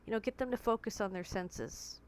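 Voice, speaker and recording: A woman speaks briskly in a clean, medium-pitched voice. She's making a candid, conversational bedroom vlog on a tablet, talking straight to camera with vivid comparisons.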